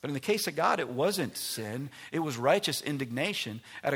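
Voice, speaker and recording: A male pastor preaching a sermon, swinging between loud emphatic lines and soft near-whispers. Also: fairly high pitch, animated, brisk, vocal fry, few pauses, breathy edge.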